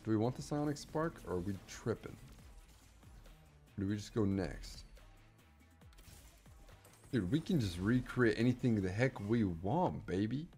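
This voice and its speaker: A man giving excited, rambling live commentary over his game stream, breathless and repeating himself. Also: lowish voice, a little slow, pauses often, breathy edge, soft background music.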